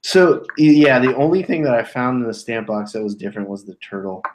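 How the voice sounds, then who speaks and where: A man's voice: mid-range voice, lively intonation, fairly quick, very noisy. A man chatting casually on a live stream, joking and swearing as he shows off old items. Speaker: co-host showing items.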